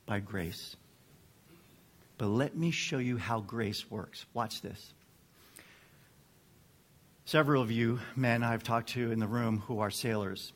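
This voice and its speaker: A man preaching a sermon to a group of men, earnest and measured, dropping to a hush and then building to fervent emphasis. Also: mid-range voice. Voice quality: drops to a near whisper at times. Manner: slow, earnest delivery with dramatic swings from hushed to fervent.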